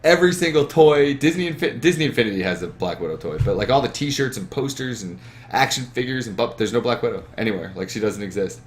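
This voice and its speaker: A man's voice: medium pitch, fast talker. A young man hosting a gaming podcast from a webcam setup, talking in a rambling, profane, emphatic way. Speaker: podcast host. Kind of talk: casual chat.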